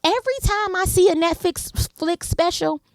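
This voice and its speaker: A woman's voice: very high voice, normal speed, no room sound. Blunt woman comedian, dry close mic. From Detroit, USA. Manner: blunt, emphatic, slangy. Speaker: comedian guest. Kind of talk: casual podcast conversation.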